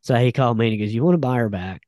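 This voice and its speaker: A man tells a story in an easygoing, rambling way, with plenty of "uh" between phrases. His voice is mellow and middling in pitch, recorded close and dry. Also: expressive, very fast, no echo. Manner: laid-back, rambling, with many fillers. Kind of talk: casual chat.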